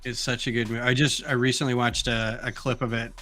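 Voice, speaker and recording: A man hosts a relaxed livestream with a bright, forceful voice, spinning animated anecdotes and voicing the people in them. Faint music plays softly behind him. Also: mid-range voice, fast talker. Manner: animated storyteller, acts out quoted lines. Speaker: livestream host. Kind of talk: casual chat on a building livestream.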